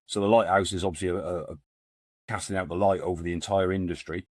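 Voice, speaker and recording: A man's voice: deep voice, steady tone, fast, no room sound, clean studio sound. A middle-aged man, a podcast guest telling stories in a casual, rambling way full of fillers and restarts. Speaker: podcast guest, men's support group founder. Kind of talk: casual storytelling conversation.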